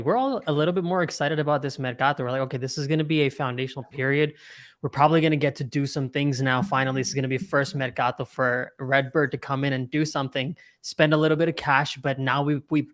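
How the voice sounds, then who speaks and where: A man speaking as a podcast guest in casual panel chat, earnest, now and then restarting his words. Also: medium pitch.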